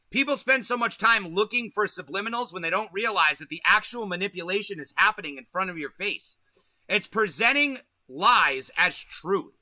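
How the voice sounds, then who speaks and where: A man's voice: high voice, pushed and bright, no room sound. A man hosting a casual livestream, talking loosely with slang and swearing and stretching out words for emphasis. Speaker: host.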